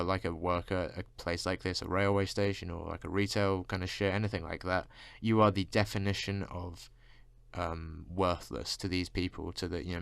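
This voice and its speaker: A man's voice: deep voice, creaky, a bit bright, clean tone, no room sound. A man vlogging a casual rant, constantly saying "like" and swearing freely. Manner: fills speech with "like", swears freely.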